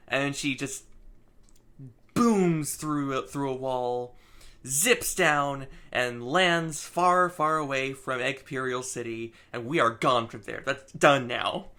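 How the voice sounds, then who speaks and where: A man co-hosting a casual comic book chat, recapping in a halting way full of fillers. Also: medium pitch, pushed and bright. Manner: halting, lots of fillers and laughs. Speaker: comic book podcast co-host.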